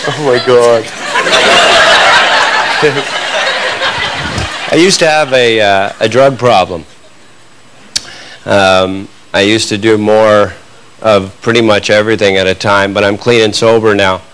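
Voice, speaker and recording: A man telling stories as a stand-up comedian on a club stage, in a punchy, animated way. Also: on the low side, slow pace, pauses often. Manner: storytelling, punchy, animated delivery. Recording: live club recording with noise.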